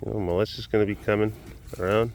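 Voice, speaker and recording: A man's voice: fairly low pitch, flat delivery, fast, a little mellow, a little hiss or hum. A man vlogging outdoors at a wild animal facility, rambling and joking with many restarts. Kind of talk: casual rambling vlog commentary.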